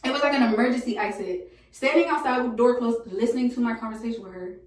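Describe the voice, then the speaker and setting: A young woman telling a college story in a casual, slangy, animated way, with frequent laughs. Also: on the high side, quick pace. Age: young adult. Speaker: storytime vlogger. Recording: echoey room from a distance.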